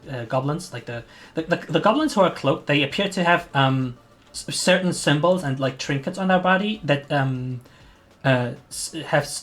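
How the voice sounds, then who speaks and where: Serving as game master for a tabletop game, a man rambles through his narration, using lots of fillers while hunting for words. He has a medium-pitched, fairly bright voice.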